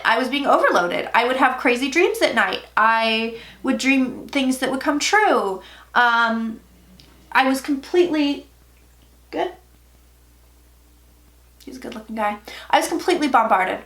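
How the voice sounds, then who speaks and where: Candid woman with a bright high voice. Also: a little slow, pauses often, echoey room. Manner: candid, profane, animated retelling. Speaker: psychic telling her story. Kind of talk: casual storytelling to camera.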